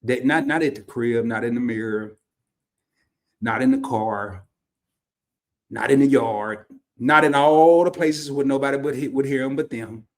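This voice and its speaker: A man from Arkansas with a Southern accent, talking casually to a livestream audience. His voice sits at an ordinary pitch, and he drawls loosely through his stories with easy laughter. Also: a little slow, pauses often. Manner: laid-back, drawling, laughs often. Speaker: livestream host. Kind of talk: casual storytelling monologue.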